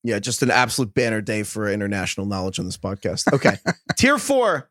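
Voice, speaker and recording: Hosting a casual sports podcast, a man with a New York accent jokes his way through running back rankings, fast and animated. His voice is fairly low, and the studio-quality recording has no room sound.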